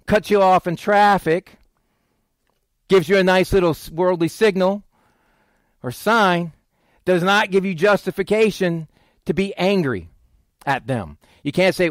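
Man, pastor, sermon, chatty delivery, loud emphasis then quiet asides, fairly high voice, dry sound. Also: no echo. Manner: conversational, swings between loud emphasis and low asides.

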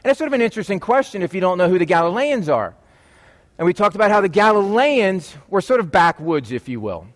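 A man's voice: sits high, big pitch swings, quick pace. A man preaching a conversational sermon as a pastor, with chatty, joking asides to the congregation.

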